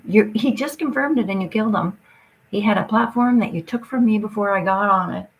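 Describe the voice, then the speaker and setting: A woman from Canada rants in a loose, rambling monologue, agitated and swearing freely. Her mid-pitched voice drops into a gravelly fry at the ends of phrases. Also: a little fast, poor audio.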